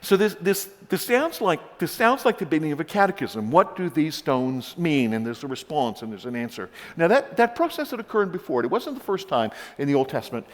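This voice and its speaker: A man's voice: a little high, sing-song, quick pace, hardly any pauses. A male pastor reading scripture and preaching a sermon, telling stories animatedly with frequent repeated starts. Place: church sanctuary. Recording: long church reverb.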